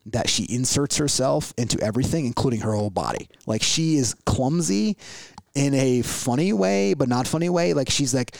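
Middle-aged male host, casual rambling chat, mid-pitched voice, very dry close recording. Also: animated, moderate pace, gravelly, darkish tone, no room sound. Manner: loose, rambling, lots of fillers and restarts. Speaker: podcast host.

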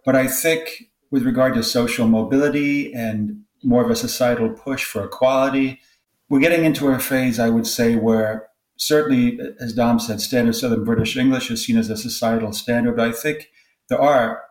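A man's voice: mid-range voice, fairly even intonation, normal speed. A man, a guest sociolinguist, giving thoughtful, expansive interview answers. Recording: roomy echo.

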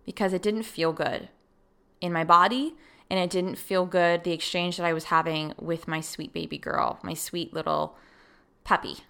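A woman hosting a solo podcast, telling a personal story in a casual, animated way and acting out her own thoughts. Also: on the low side, smooth. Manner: animated, acts out her own past thoughts, laughs easily. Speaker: podcast host.

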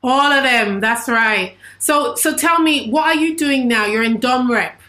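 A woman's voice: on the high side, measured pace, sharp tone, reverberant. A woman hosting a podcast, chatty and asking eager questions in casual conversation. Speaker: podcast host. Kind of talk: casual interview chat.

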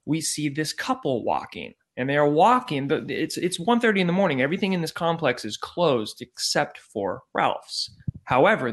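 Animated, profane man telling a story. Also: fairly high pitch. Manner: animated, profane, acts out quotes. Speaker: podcast guest. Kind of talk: casual storytelling.

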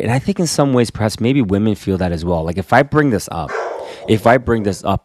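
In a deep voice with no echo, a male pastor chats earnestly and casually. His stories come out animated, punctuated by frequent restarts.

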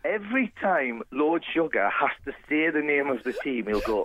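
A man telling stories in a casual radio chat, animated and full of restarts. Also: on the high side, moderate pace, hardly any pauses, rough recording. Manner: animated storyteller, many restarts. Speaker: guest contestant.

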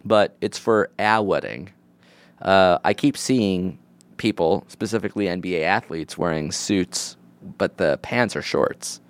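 A man's voice: deep voice, measured pace, dry recording. A man co-hosting a podcast, chatting casually and joking, laughing often and using lots of "like". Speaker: podcast co-host. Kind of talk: casual chat.

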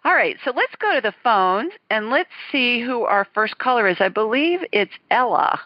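A woman's voice: on the high side, expressive, normal speed, dry recording. A middle-aged woman, hosting a call-in show and chatting enthusiastically about her week. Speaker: host. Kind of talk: casual chat. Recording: dull lo-fi sound.

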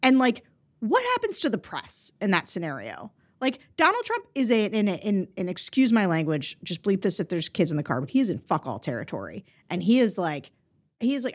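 Woman co-host, casual political chat, animated delivery with lively pitch swings and frequent restarts. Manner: animated, quick, self-interrupting. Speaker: podcast co-host.

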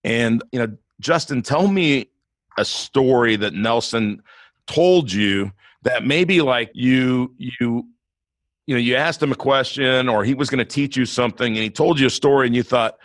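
A man hosting a podcast, talking in a friendly, rambling way with quick asides. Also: medium pitch, fairly bright tone, dry recording. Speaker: podcast host. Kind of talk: casual podcast chat.

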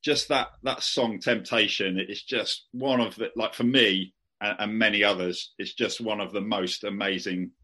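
A male podcast host talks in a relaxed, enthusiastic way, leaning on fillers as he gathers his thoughts. His voice sits on the low side for a man. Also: normal speed, few pauses. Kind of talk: casual chat.

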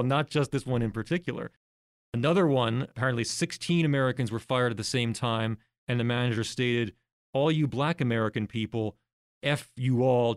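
A man speaking as a podcast guest, laying out his points one by one in a level, mid-pitched voice. The sound is dry and close, with no room around him. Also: no echo. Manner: explanatory, walks through examples step by step. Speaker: guest researcher. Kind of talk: podcast interview.

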